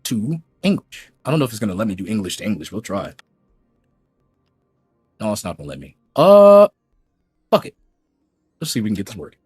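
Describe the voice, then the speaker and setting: Animated mocking husky man ranting. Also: on the low side, fast, long pauses, no echo, faint music behind. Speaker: YouTube gaming commentator. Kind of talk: reaction rant.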